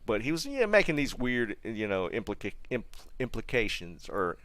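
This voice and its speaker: A man's voice: medium pitch, big pitch swings, moderate pace, a bit bright, no echo. An American man casually telling a long personal story while streaming, rambling with restarts and asides to viewers. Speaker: gaming streamer.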